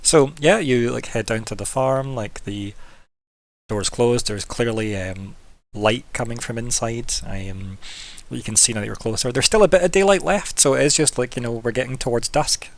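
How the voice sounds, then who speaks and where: A man's voice: medium pitch, moderate pace. A man narrating as game master of a tabletop game, chatty and loose, with many fillers and frequent laughs.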